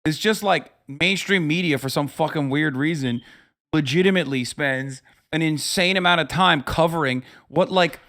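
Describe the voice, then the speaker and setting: A man's voice: a little high, moderate pace, fairly bright tone. A man streaming, ranting in a sarcastic, profane, casual way. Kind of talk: casual live-stream commentary.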